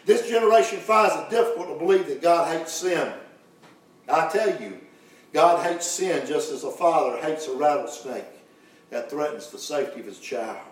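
A man preaching a sermon, folksy and lively, swinging from hushed to loud. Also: a little high, normal speed. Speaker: pastor. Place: church sanctuary. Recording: very echoey, from far off.

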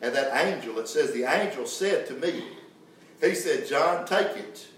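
A man's voice: medium pitch, lively intonation, moderate pace. A man preaching a sermon, fervent and calling out for the congregation's responses. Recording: echoey church hall, distant mic. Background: congregation answering amen.

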